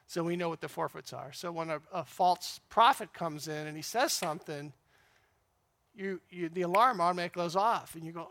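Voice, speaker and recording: Gravelly-voiced man giving a church talk. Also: fairly high pitch, brisk, sharp tone. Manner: conversational, rambling with fillers. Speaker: men's group speaker.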